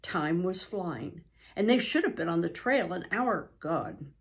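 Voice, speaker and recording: An older woman, a grandmother, reading a novel aloud in an unhurried way with frequent ums and restarts. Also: lowish voice, lively intonation.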